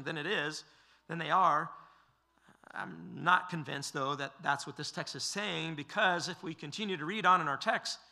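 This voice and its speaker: A man preaching an expository sermon, measured and emphatic, with the occasional filler. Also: a little high, sharp tone. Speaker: pastor.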